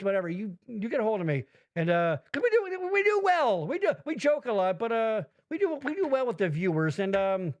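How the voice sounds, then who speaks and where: A man hosting a podcast in casual chat, rambling and swearing freely, laughing often. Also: high-pitched. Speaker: podcast host.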